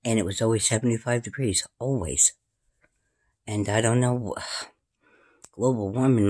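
A woman, filming at home and rambling casually to her camera and her cat, often sliding into a high sing-song baby voice. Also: lively intonation, a little slow, long pauses, darkish tone, slightly rough. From New York. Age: 50s. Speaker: paranormal vlogger. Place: indoors at home in a room.

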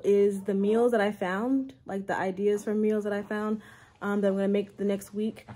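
A young woman and mother chatting frankly and animatedly in a casual vlog. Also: medium pitch. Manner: animated, frank, talks with lots of "like". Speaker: vlogger and mom.

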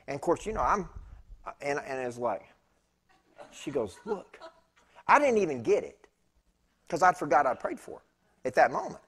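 Animated storytelling preacher, lively pitch. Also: male voice, normal speed, pauses often, breathy edge. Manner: animated, chatty, laughing asides to congregation. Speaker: pastor. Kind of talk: storytelling sermon. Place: church sanctuary.

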